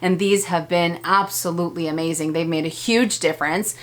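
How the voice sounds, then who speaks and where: Chatty woman vlogger, slightly low voice. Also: fairly even intonation, fairly quick. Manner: chatty, enthusiastic, frequent fillers and laughs. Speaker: beauty vlogger. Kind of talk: casual product review.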